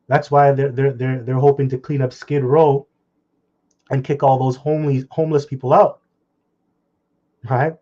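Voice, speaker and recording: Man, street-style scripture teacher; blunt and profane, flares up loud then drops to a mutter; mid-pitched; dull lo-fi recording. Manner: fiery, swinging from loud outbursts to low muttering.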